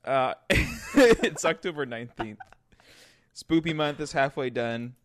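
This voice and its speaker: A man's voice: medium pitch, expressive, slow, a bit bright. A young man co-hosting a casual gaming podcast, joking around and laughing often. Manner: jokey, laughs often, trying a mock Australian accent. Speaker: podcast co-host. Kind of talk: casual chat.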